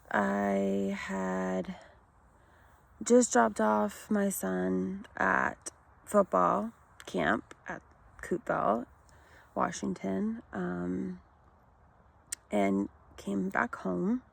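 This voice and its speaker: A woman in her thirties shares a personal story to camera. She talks very slowly, with a heavily gravelly, creaky voice. Her delivery is halting and emotional, broken by pauses and fillers. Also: medium pitch. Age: 30s. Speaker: vlogger sharing her health story.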